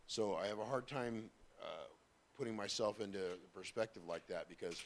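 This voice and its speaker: A man's voice: fairly low pitch, moderate pace, a little hiss or hum. A man in a church Bible class, earnestly explaining his view and repeating himself. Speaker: class member. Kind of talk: casual class discussion.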